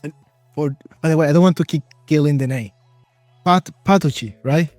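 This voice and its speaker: A man's voice: fairly high pitch, fairly even intonation, quick pace, dark tone, dry recording, soft background music. A man with a Spanish accent hosting an interview, enthusiastic and stumbling over names. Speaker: interview host.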